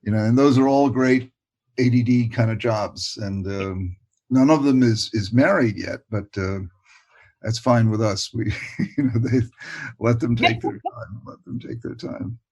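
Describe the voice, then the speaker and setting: An older man, a guest expert in a casual interview, talking with warm enthusiasm and often repeating words. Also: medium pitch, measured pace, lo-fi sound. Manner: warm, enthusiastic, repeats words and says "you know" a lot.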